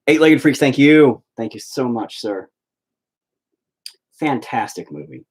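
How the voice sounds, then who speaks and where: A man's voice: medium pitch, animated, takes it slowly, slightly rough. A man hosting a live stream, chatting casually and rambling, with heavy swearing. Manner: profane, rambling.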